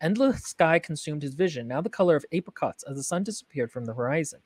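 A woman's voice: low voice, lively intonation, fast, husky, no echo. A woman hosting a casual podcast critique, frank, wry and analytical, with a lot of "like" and "um". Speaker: podcast host and writing critic.

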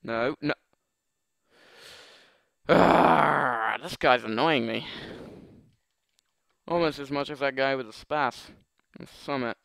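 A young man talks over his own gameplay at a slow, drawn-out pace, trading jokes and mutters with himself as opponents annoy him. His voice sits at an ordinary middle pitch. The recording is dry and close, with no room sound around it. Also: vocal fry, fairly bright tone, dry recording. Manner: joking, muttering, exasperated at opponents. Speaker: gaming commentator. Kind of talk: live gameplay commentary.

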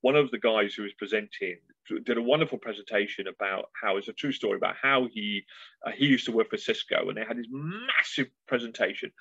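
A man, a guest in an interview, telling stories with lively enthusiasm. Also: fairly low pitch, brisk, gravelly, no room sound. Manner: animated storyteller, enthusiastic. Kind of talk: casual interview chat. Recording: dull lo-fi sound.

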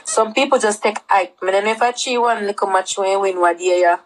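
A woman's voice: mid-range voice, fairly quick. A woman with a Jamaican accent chatting casually on a livestream, rambling and repeating herself, mixing Patois into her talk.

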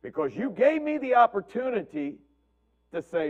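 High-voiced pastor asking "right?". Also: male voice, big pitch swings, normal speed, lo-fi sound. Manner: asks "right?" constantly, repeats words, acts out family quotes. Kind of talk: conversational sermon teaching.

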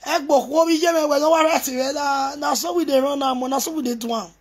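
High-voiced Nigerian woman, rambling and teasing. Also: brisk. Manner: mixes pidgin, English and local languages, excited and teasing. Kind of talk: emotional rambling video message.

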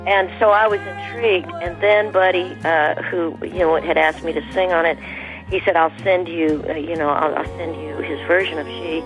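A woman, a guest singer on a radio interview, speaking in halting phrases with frequent restarts. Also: lowish voice, fairly even intonation, highs cut off, soft background music. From American South.

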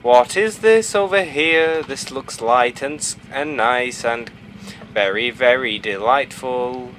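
A man's voice: medium pitch, slow, a bit bright, a little hiss or hum. Scared young man swearing through a game. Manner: jumpy, swearing, rambling and sing-song. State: frightened. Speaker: gaming video host. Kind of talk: let's play commentary.

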